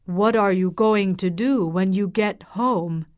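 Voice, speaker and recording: A stern middle-aged father and doctor, read by a woman. He speaks gravely, at an extremely slow, deliberate pace, as if every word is a warning. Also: mid-range voice, darkish tone, close to an everyday voice. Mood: reproachful.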